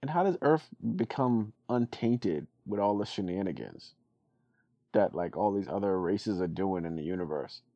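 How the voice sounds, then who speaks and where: A man's voice: fairly low pitch, lively intonation, moderate pace, warm tone, no echo, highs cut off. A man co-hosting a podcast, joking and musing aloud in a casual chat about a cartoon. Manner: joking, chatty, poses musing questions. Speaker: podcast co-host.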